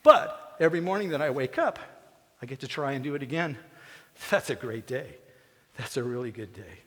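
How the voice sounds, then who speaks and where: A man's voice: medium pitch, lively intonation, moderate pace, a bit bright. A man giving a personal commencement speech from a stage, folksy and joking one moment, earnest and moving the next. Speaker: commencement speaker. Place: theatre stage. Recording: long hall reverb in a theatre.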